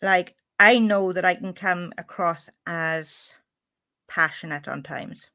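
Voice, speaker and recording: A woman's voice: fairly low pitch, slow, pushed and bright. A woman with a Welsh accent chatting casually on a live stream, reading out and answering her chat.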